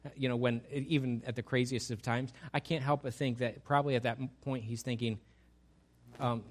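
A man's voice: medium pitch, steady tone, brisk. A male pastor preaching a sermon and asking his congregation rhetorical questions.

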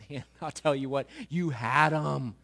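A pushy mother fawns and wheedles in a low, hushed, chatty tone, as a male preacher puts her on. She slips in flattery between every request, casual and almost conspiratorial. It sounds like a comic retelling inside a sermon. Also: unhurried, gravelly, full character voice. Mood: wheedling.

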